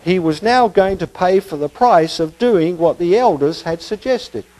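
A man's voice: high-pitched, lively intonation, a little slow, a little mellow, rough recording. A male preacher giving a conversational expository sermon, with casual asides and rhetorical questions.

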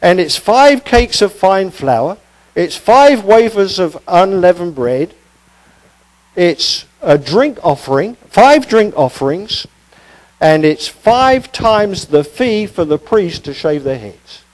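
Man, preacher, sermon, high voice, very animated pitch, chatty asides. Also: takes it slowly, poor audio. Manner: conversational, asides and rhetorical questions. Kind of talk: expository sermon.

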